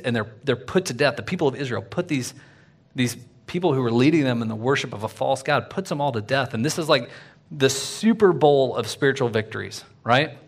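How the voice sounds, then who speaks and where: A man preaching a sermon in a casual, conversational way, full of fillers and "right?", swinging from loud and lively to quiet. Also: medium pitch, brisk, husky. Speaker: pastor.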